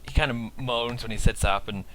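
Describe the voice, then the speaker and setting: Bright-voiced male game master. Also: medium pitch, steady tone, slight background noise. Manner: casual, halting narration with fillers. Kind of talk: narrating a tabletop game.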